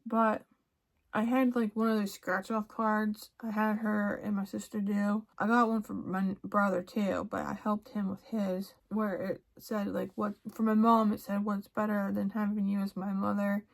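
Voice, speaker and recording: Young woman vlogger, casual get-ready chat, rambling, restarts a lot, laughs softly. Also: medium pitch, little pitch movement, normal speed, creaky.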